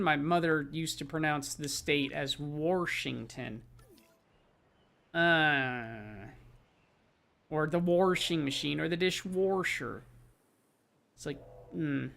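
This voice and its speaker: A man's voice: a little high, vocal fry, fairly bright tone. A man chatting casually to his stream audience as he plays a game, rambling with lots of fillers.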